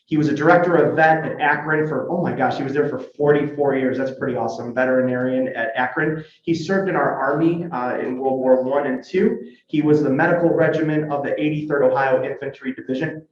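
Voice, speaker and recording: A man's voice: mid-range voice, fairly even intonation, a little fast, hardly any pauses. A man emceeing a club meeting in a casual, joking, upbeat way, quizzing the crowd as he goes. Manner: chatty, joking, upbeat, asks the crowd questions. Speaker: club member giving history segment. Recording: echoey room, dull lo-fi sound.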